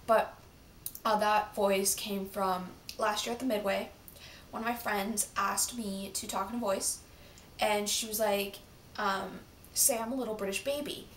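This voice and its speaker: A woman's voice: medium pitch, fairly even intonation, measured pace, a little hiss or hum. A teenage girl chatting casually to camera for her vlog, rambling along with many fillers. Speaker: vlogger. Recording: roomy, from a distance.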